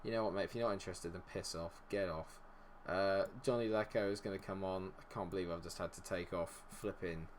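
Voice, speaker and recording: A man talks through a live game stream in a fairly low voice, cursing and groaning at every missed chance. Between matches he chats easily with his viewers. A faint background hiss sits under the voice. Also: fairly even intonation, fairly quick. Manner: exasperated, swears freely at the game. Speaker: gaming streamer. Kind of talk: live gameplay commentary.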